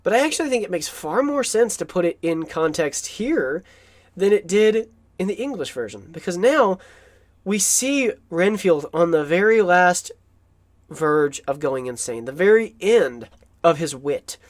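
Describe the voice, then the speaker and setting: A man's voice: high-pitched, sing-song, measured pace. A man giving an enthusiastic, rambling film commentary, with asides and chuckles.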